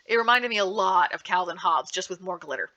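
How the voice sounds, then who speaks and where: A woman gives an upbeat panel talk recommending comics and manga. Her voice is bright and forward. She talks in a lively, animated way, often restarting her sentences. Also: lowish voice, fast talker, muffled recording, a little hiss or hum. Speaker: librarian giving a book panel. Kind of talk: enthusiastic book recommendation talk.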